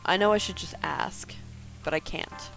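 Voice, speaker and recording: A woman voicing a guarded, brooding woman in her thirties, reading her first-person narration and lines quietly and dryly in a game. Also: lowish voice, normal speed, vocal fry, in a whisper, faint music behind, poor audio. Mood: reflective.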